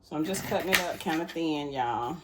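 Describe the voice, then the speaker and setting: Heavy background noise surrounds a woman with a low-pitched voice who speaks briskly while cooking in her home kitchen. She keeps up an easygoing chat with her viewers, addressing them as y'all.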